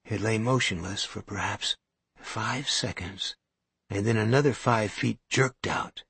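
A man reading a story aloud as narrator, with a measured, suspenseful delivery. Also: lowish voice, fairly bright tone, husky, no room sound. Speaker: audiobook narrator. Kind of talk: scripted narration.

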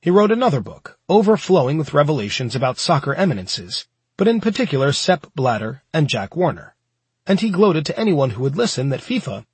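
A man reading a nonfiction book aloud in a steady, measured storytelling manner. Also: mid-range voice, breathy edge, dry recording. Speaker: audiobook narrator. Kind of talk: scripted nonfiction audiobook narration.

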